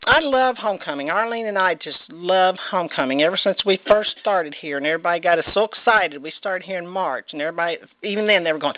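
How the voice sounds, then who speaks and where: A woman's voice: lowish voice, lively intonation, quick pace, no room sound, lo-fi sound. A woman preaching a casual, folksy sermon, chatty and rambling, with self-deprecating laughs. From Indianapolis, United States. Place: church sanctuary.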